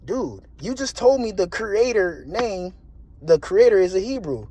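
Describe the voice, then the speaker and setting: A young man telling a story in a casual monologue, animated and slangy, repeating himself and laughing often. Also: high voice, unhurried. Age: young adult. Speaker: vlogger.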